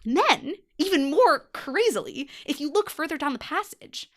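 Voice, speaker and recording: A woman's voice: sits high, big pitch swings, normal speed. A young adult woman hosting a podcast, delivering a wry, emphatic monologue. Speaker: podcast host.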